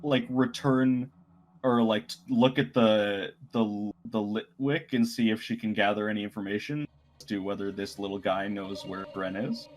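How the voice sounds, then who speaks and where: A man playing in a tabletop role-playing game, describing his character's actions in a relaxed, halting way. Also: fairly low pitch, poor audio. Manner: relaxed, halting, full of fillers and laughs. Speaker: player. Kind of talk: tabletop role-play narration.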